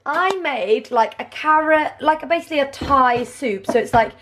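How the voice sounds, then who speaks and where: A woman's voice: high-pitched, animated, normal speed, heavy background noise. A young woman vlogging in a chatty, rambling, giggly way. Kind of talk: casual vlog chat.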